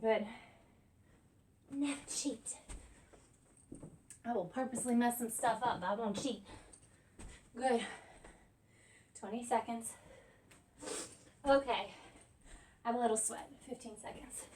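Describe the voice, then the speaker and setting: Counting down reps and cheering between breaths, a fitness instructor in her thirties coaches while exercising. Her fairly high, slightly mellow voice is slow with long pauses, picked up from a distance by a tripod camera with a little hiss or hum.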